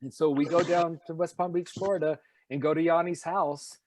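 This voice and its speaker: Animated voice actor with a light Tennessee accent. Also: male voice, on the high side, moderate pace. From Nashville, Tennessee. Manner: animated, slips into impressions. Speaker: voice actor guest. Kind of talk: casual interview storytelling.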